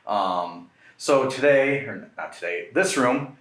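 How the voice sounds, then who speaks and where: A man's voice: medium pitch, animated, slow, recorded from a distance. Man joking on a ghost hunt. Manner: talks to unseen presences, joking. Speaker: paranormal investigator. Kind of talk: casual chat during a ghost hunt. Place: old house indoors. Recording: very echoey room, loud background hiss.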